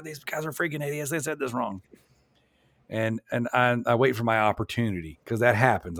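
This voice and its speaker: A man talking on a casual podcast, pressing his argument and repeating himself as he goes. His voice sits at a middle pitch. The sound is dry and close. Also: no room sound. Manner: rambling, emphatic, repeats "you know what I'm saying". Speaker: podcast host.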